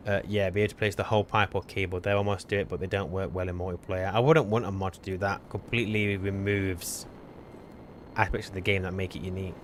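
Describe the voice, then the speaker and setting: A man's voice: low-pitched, slight background noise. A man live-streaming a co-op game, chatting casually and teasing his partner. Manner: chatty, self-correcting, teasing. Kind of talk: casual gameplay chat.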